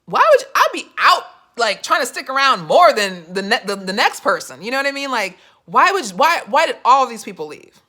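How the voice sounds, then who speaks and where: A young woman with a bright, clear voice vlogs about politics in a loose, chatty way. She tells her story with lots of "you know" and jumps into quoted voices as she goes, then comes back to firm, pointed commentary. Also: on the high side, brisk. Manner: animated storytelling, acts out quoted voices, many fillers. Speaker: political vlogger. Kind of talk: casual political commentary vlog.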